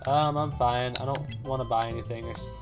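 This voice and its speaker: A man's voice: medium pitch, steady tone, a little fast, lo-fi sound, over music. Rambling man commenting on a game. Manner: rambling, with many fillers and asides. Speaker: let's play host.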